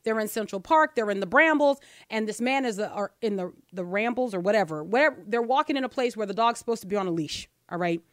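A woman's voice: medium pitch, lively intonation, fast, few pauses, no room sound, clean studio sound. A woman hosting a talk show, giving emphatic opinion commentary and tossing in rhetorical "right?" questions.

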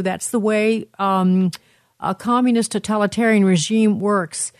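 A woman's voice: mid-range voice, fairly even intonation, measured pace, no room sound. Woman commentary host, emphatic, dry sound, restarts often. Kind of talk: political commentary.

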